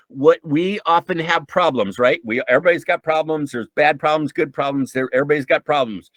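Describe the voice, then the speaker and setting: A man's voice: fairly high pitch, a bit bright, dry recording, low-quality recording. A man giving an informal, earnest talk on emotional intelligence, repeating points for emphasis and often restarting sentences with ums. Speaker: mental health speaker.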